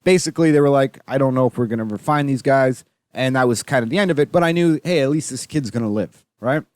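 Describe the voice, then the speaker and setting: A man's voice: mid-range voice, fast talker, no room sound. Profane rambling Canadian man, dry mic. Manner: profane, rambling, animated when retelling. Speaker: podcast host. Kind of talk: casual storytelling monologue.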